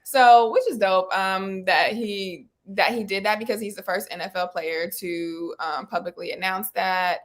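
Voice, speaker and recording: A woman co-hosting a live weekly talk show, chatting casually and with animation, using slang and quick asides. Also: mid-range voice, fairly even intonation. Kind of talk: casual chat.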